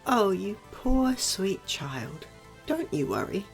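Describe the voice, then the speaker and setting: A woman playing a former streamer, handing out absurd advice in a deadpan, matter-of-fact way in a comedy audio drama. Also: medium pitch, slow pace, vocal fry, soft background music, heavily acted.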